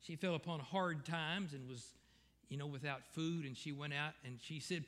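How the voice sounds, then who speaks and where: A pastor delivers a folksy, digressive sermon, circling back to correct himself as he goes. His voice is bright and sits a touch above the usual male pitch. The long reverb of a church sanctuary hangs behind him. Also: moderate pace.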